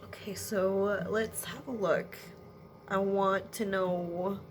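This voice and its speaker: A woman giving a spiritual energy reading to viewers at home, speaking in a halting way with sighs and apologetic asides. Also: mid-range voice, steady tone. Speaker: intuitive energy reader. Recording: noisy background ambience.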